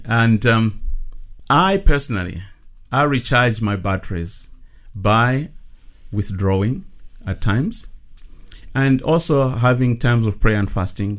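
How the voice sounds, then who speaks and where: A middle-aged man from South Africa, a ministry leader giving earnest, measured testimony in a radio interview. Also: fairly low pitch.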